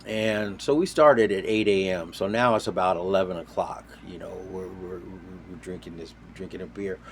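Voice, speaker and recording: A man casually telling a story, animated, jumping between loud quoted voices and quiet asides. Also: low-pitched, moderate pace, a crowd in the background. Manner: animated, acts out quoted voices with sudden loud and soft swings. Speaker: storyteller on a talk show.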